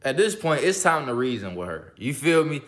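A man's voice: mid-range voice, very animated, normal speed, fairly bright tone, slight background noise. A man hosting a reaction video, giving blunt, profane, casual commentary and often asking "you feel me".

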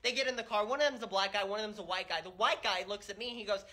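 A bright, fairly high-voiced man in his twenties telling a wild story for a vlog. He retells it in an animated, sarcastic way, full of exasperation. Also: racing.

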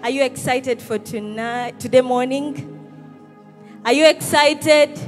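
A woman's voice: high voice, slow. A woman hosting a church service, rousing the congregation with calls and responses. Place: church hall with live congregation. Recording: church service with music behind. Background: music.

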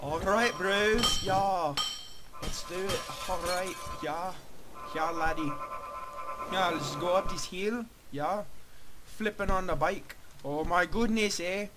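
A drawling, easygoing bro speaks in a muddled made-up accent, as a man puts him on. The voice is a little high, and loud noise hisses behind it. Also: slow. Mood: laid-back. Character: laid-back "bro" man with a jumbled fake accent.

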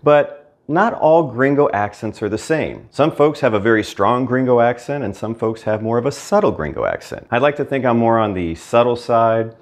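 A man's voice: mid-range voice, animated, normal speed, few pauses. An American man hosting his own language channel, talking casually to the camera with dry, self-mocking humor. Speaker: Spanish teacher and YouTube host.

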